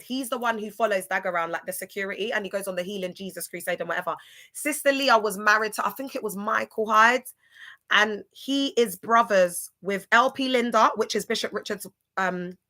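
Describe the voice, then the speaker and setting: A woman hosts a casual livestream, rambling and gossiping and now and then spelling words out letter by letter. Her voice is medium in pitch, bright and forceful.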